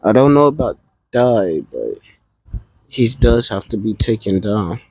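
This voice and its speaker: A composed male ninja who talks through his reasoning step by step, as a man puts him on. His delivery is slow and unhurried, with a husky, slightly breathy grain. The voice is close and dry. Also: lowish voice, animated, darkish tone, dry recording, low-quality recording. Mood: calm.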